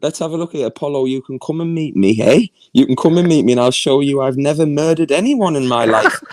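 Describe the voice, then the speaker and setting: A man's voice: on the high side, brisk, heavy background noise. Mocking man in loose banter. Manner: mocking, jokey, calls people lad. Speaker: live chat guest. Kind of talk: rowdy casual banter.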